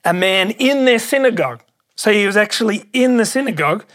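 A pastor preaching a sermon, emphatic and excitable, repeating key phrases for weight. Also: mid-range voice, a little fast.

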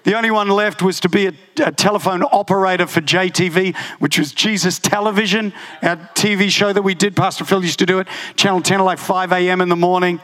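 A man preaching a sermon, telling a personal story with lively humor and frequent laughter. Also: high-pitched, a little fast, few pauses. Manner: animated storytelling, laughing often. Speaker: pastor.

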